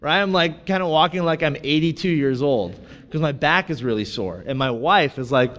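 A man in his thirties preaching a sermon, telling a personal story in an animated, self-deprecating, joking way. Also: mid-range voice, quick pace, slight background noise. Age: 30s. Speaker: pastor. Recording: long church-hall reverb.

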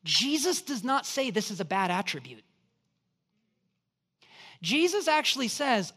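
A man's voice: very high voice, sing-song, measured pace, long pauses, pushed and bright, husky. A middle-aged male pastor preaching a sermon, telling stories animatedly and acting out little asides with rising emphasis.

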